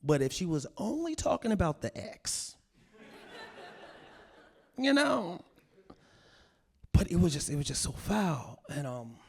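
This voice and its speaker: A male comedian telling a story live on stage in an animated, self-mocking way, acting out the scenes. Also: a little high, slow, vocal fry, pauses often, slightly rough. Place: stage at a cultural center.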